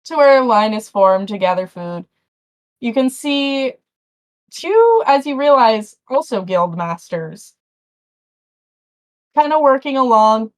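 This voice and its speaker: A woman's voice: on the high side, very animated, slow, pauses often. A woman narrating a tabletop game as game master, chatty and rambling with frequent restarts.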